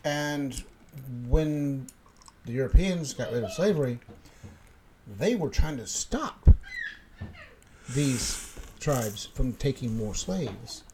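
A man's voice: medium pitch, animated, takes it slowly, long pauses, background noise. A man co-hosting a casual podcast chat, rambling and joking, laughing often. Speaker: podcast co-host.

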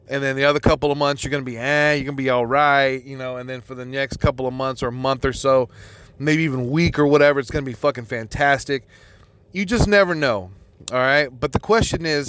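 A man's voice: mid-range voice, a bit bright, clean tone, no room sound. A man hosting a podcast, talking casually and answering a listener's email in a profane, rambling way full of fillers. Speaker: podcast host.

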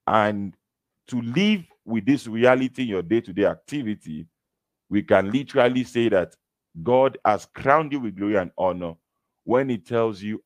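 A man preaching a sermon, teaching scripture slowly and emphatically with repetition. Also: on the low side, dry recording.

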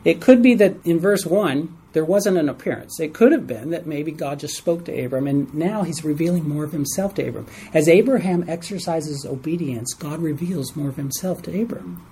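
A man teaches a Bible study to a small group in a room, with a soft, mellow tone. He keeps coming back to key words, repeating them for emphasis and putting questions to the listeners. A faint hiss sits under his voice. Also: fairly high pitch, moderate pace, poor audio.

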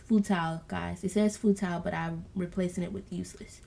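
A woman with a lowish voice, a steady tone, and vocal fry hosts a casual Bible study podcast. She speaks earnestly and a bit preachily to her y'all-addressed listeners, then slows down to read scripture softly.

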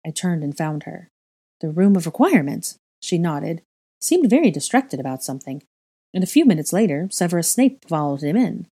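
Woman narrator for story reading, calm and steady, low mellow voice. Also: fairly quick, slightly rough. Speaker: reader. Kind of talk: audiobook-style fiction reading.

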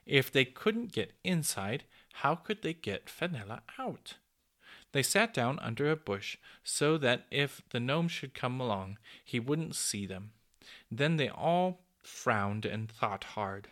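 Expressive male storybook reader. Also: medium pitch, slow. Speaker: narrator. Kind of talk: storybook read-aloud.

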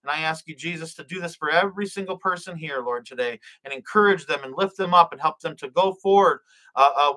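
A man's voice: a little high, sharp tone, rough recording. A man preaching and praying on his own live stream, fervent and repetitive, often stumbling and restarting his words. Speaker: livestream preacher.

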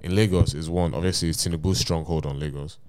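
A man's voice: very deep voice, steady tone, quick pace, a little mellow, clear, resonant tone, no room sound. A young man co-hosting a casual podcast, telling rambling stories and reading a message aloud, punctuation and all. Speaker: podcast co-host. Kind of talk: casual chat.

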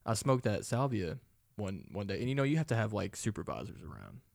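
A man's voice: fairly low pitch, wildly swooping pitch, fairly quick, gravelly. A young man telling a rambling story in casual chat, swearing often and laughing along.

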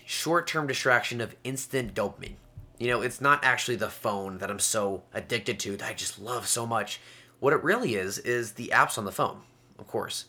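A young man in his late teens talks on his own podcast in a loose, conversational way. His voice is bright and forward, and he keeps up an upbeat, chatty tone with quick little laughs. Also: medium pitch. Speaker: podcast host. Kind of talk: casual solo podcast talk.

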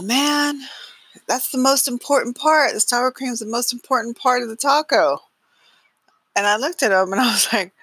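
A middle-aged woman hosts her own podcast and tells a family story in a loose, chatty monologue, laughing often and restarting sentences. Her voice is bright and a little breathy. The recording is close and dry. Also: low voice, dry recording. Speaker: podcast host.

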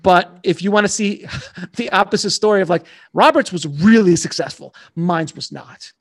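A man telling animated, slangy stories as an author guest in a casual interview. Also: high voice, normal speed, no room sound, clean studio sound.

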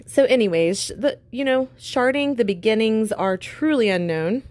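A woman's voice: fairly high pitch, lively intonation, normal speed, a little mellow, no room sound. A woman co-hosting a podcast, chatting casually and playfully with frequent laughs. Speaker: podcast co-host. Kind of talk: casual chat.

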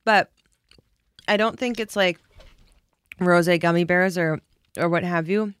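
A woman's voice: fairly low pitch, fairly even intonation, a little slow, clear, resonant tone, dry recording. Giggly woman co-host, dry studio sound. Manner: giggly, chatty. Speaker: podcast co-host, publicist. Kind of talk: casual chat. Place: recording studio.

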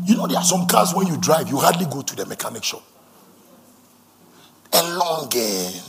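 A man's voice: on the high side, creaky, noisy background. A man preaching a sermon, fervent and repetitive, leading the congregation in call-and-response.

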